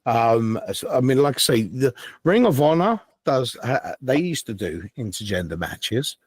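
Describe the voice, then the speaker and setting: A man's voice: medium pitch, sing-song, measured pace, husky, no room sound. A man co-hosting a wrestling podcast, chatting casually and rambling with frequent ums and restarts. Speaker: podcast co-host. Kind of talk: casual chat. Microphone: podcast mic.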